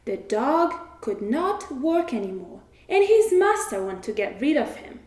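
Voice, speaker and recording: A woman narrating a children's story in a slow, expressive storytelling manner. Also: high voice. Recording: echoey room.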